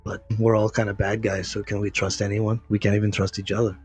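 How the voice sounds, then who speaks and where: A man's voice: on the low side, flat delivery, fast, darkish tone, faint music behind. A man playing in a tabletop game, plain-spoken and easygoing. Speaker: player. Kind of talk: casual tabletop game chat.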